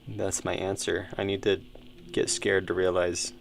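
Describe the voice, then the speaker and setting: Gravelly low-voiced man streaming a game. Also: flat delivery, unhurried, slight background noise. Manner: musing, reads game dialogue aloud. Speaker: streamer playing a horror game. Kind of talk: casual game commentary.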